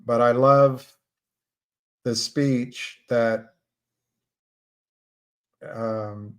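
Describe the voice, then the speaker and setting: Slow, halting man livestreaming alone. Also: medium pitch, fairly even intonation. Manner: slow, halting, with many restarts and fillers. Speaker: livestream host. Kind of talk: casual livestream commentary.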